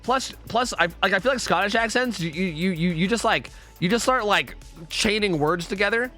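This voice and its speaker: A man's voice: high voice, normal speed, bright, forceful tone, soft background music. A young man streaming a game, talking casually and rambling with his viewers, swearing freely.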